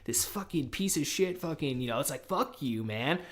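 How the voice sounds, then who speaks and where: A podcast host in his early thirties, rambling casually and swearing a lot in a loose, animated monologue. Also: on the high side, normal speed. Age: 30s. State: tired and a little high.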